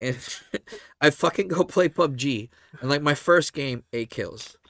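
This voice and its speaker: A man hosting a podcast, telling a profane, animated story and acting out the voices of the people in it. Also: a little high, a little slow, dry recording, studio quality. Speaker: podcast host. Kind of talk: casual storytelling chat.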